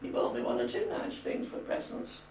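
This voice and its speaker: A woman's voice: brisk, darkish tone, slight background noise. An elderly grandmother telling family stories in a chatty, opinionated way. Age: older. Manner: chatty storyteller, firm opinions. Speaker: grandmother being interviewed. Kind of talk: reminiscing casual chat. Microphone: camcorder mic. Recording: echoey room, far from camcorder mic.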